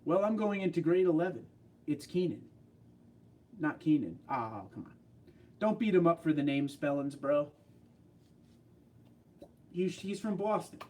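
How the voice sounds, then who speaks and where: A man's voice: fairly high pitch, expressive, measured pace, pauses often, darkish tone. Chatty New York man hosting a livestream. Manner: chatty, joking. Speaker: livestream host. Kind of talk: casual livestream chat, reading comments.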